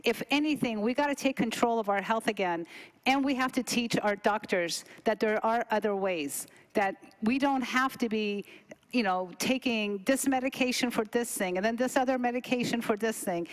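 A woman's voice: on the high side, moderate pace. A middle-aged woman telling a story casually, acting out quoted dialogue with big jumps in her voice. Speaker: cooking demo presenter.

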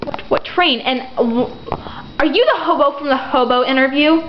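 A teenage girl in a homemade comedy skit, excitable and bossy as she questions an intruder. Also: high voice, moderate pace. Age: teens. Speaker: homeowner interviewing the hobo. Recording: muffled home video with loud hiss.

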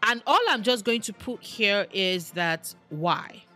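A woman chatting casually to camera as an online creator, animated and exclamatory, talking straight to the people she discusses. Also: medium pitch, takes it slowly, faint music behind. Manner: animated, exclamatory, addresses characters directly. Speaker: online video creator ranking TV characters.

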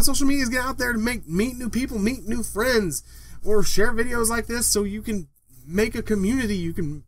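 A young man ranting in a home vlog from his bedroom, swearing a lot and breaking into loud outbursts. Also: very high voice, quick pace. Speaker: vlogger. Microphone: desktop microphone.

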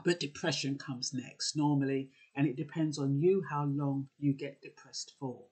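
A man's voice: medium pitch, steady tone, normal speed, darkish tone, husky. A man giving earnest, conversational advice, with frequent fillers and restarts. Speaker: advice vlogger. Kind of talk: casual advice talk.

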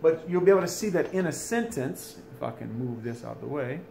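A man's voice: on the high side, expressive, fast, gravelly, dark tone, slight background noise. A man teaching a French lesson in a recorded video, chatty, with folksy asides, recording from home. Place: home, during school closure.

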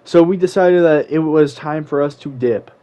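A man's voice: a little high, normal speed, warm tone, clean tone. A young man casually telling a story as a vlogger, slangy and rambling, with sudden exasperated outbursts. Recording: slightly muffled lo-fi recording.

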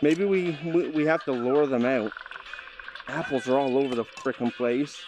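A man's voice: medium pitch, moderate pace, poor audio. A man commentating his VR gameplay, exasperated and ranting at the game with mild swearing. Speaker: gameplay host. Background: game music.

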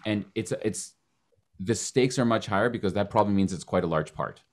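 Guy hosting a podcast, kinda low voice, jokey and swears a lot. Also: brisk. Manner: joking, swears freely. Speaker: podcast host. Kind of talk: casual chat.

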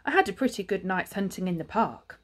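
A woman's voice: mid-range voice, lively intonation, fairly quick, close to an everyday voice. A woman voicing a kind, polite male neighbour hedgehog in a storybook, sounding reassuring.

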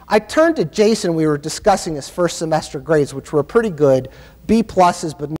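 Man, keynote speaker, emphatic storytelling, fairly high voice, reverberant hall. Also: big pitch swings, moderate pace, darkish tone. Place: university conference hall.

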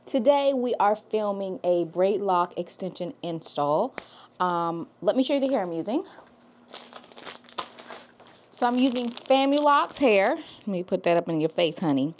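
A chatty woman hosts a casual hair tutorial vlog and explains her work step by step. She keeps checking in with the viewers as she talks. A faint hiss of noise sits behind her voice. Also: medium pitch. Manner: chatty, talks straight to viewers with "okay?" tags. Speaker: loctician.

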